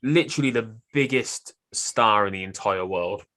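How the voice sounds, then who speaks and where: A man hosting a casual online quiz with friends, reading out quotes in a flat voice and joking with the players. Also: on the low side, moderate pace. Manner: banters and reads quotes in a flat voice. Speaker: quiz host.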